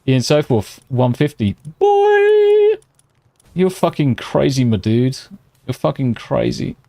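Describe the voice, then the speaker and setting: An excitable British man chatting live with his viewers, cursing at every turn while keeping his voice a bit hushed. His voice sits at an ordinary middle pitch and sounds close and dry, with no room around it. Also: a little slow, gravelly, dry recording. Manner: excitable, swears constantly; talking slightly quietly. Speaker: live streamer. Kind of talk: casual live-stream chat with viewers. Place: at home at night.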